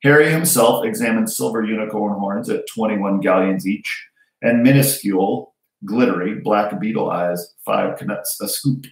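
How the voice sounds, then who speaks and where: A man reading a children's storybook aloud in a steady, measured way. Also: lowish voice. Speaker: reader. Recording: roomy echo.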